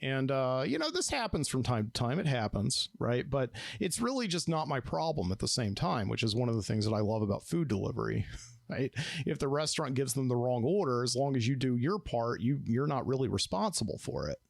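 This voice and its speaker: A man's voice: medium pitch, sing-song, fairly quick, vocal fry, dry recording, studio quality. Middle-aged man telling a rambling story. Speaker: podcast host. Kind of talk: late-night solo storytelling. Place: studio.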